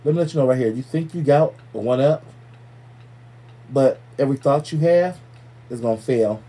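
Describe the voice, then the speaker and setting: Male podcast host, warm dark tone, loose and profane casual banter. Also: mid-range voice, normal speed. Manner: loose, profane, playful shout-outs. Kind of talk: casual chat.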